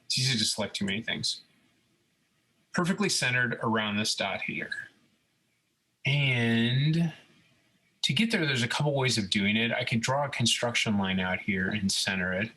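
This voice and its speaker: A mid-range male voice at normal speed guides listeners through a computer design tutorial recorded from the screen, pausing often along the way. The robotics instructor stays relaxed, checks in frequently with "okay?", and the audio is poor.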